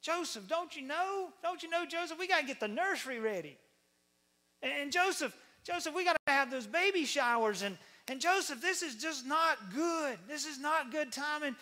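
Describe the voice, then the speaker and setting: A man voicing Mary, a distraught pregnant young woman, shrill and pleading. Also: expressive, normal speed, pushed and bright, exaggerated voice. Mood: frantic.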